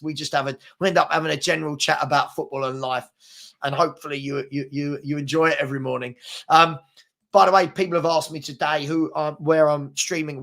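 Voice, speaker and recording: A man's voice: fairly high pitch, sharp tone. A young man hosting a casual football livestream, reading out viewer comments and rambling with lots of repeated words. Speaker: host of a daily football livestream.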